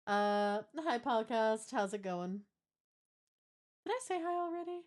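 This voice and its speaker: A young woman's voice sitting a little on the high side, bubbly and talkative. She is a livestreamer in easy, casual chat with her viewers, reading their messages aloud and tossing off giggly asides. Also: lively intonation, measured pace, pauses often. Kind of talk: casual chat with a live stream audience.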